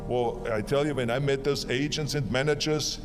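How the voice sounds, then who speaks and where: A man's voice: mid-range voice, fairly even intonation, moderate pace. A man with an Austrian accent giving a motivational speech, telling his story with wry, mocking impressions of doubters. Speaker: speaker. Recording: archive speech clip under music. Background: music.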